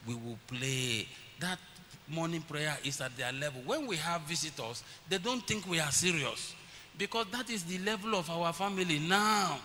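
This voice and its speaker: A middle-aged man preaches in a bright, forceful voice that sits a little high. He tells stories and acts out voices. The sound rings with the long reverb of a church hall, over a faint hiss. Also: animated, normal speed. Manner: storytelling, acts out his children's voices. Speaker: pastor. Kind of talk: sermon.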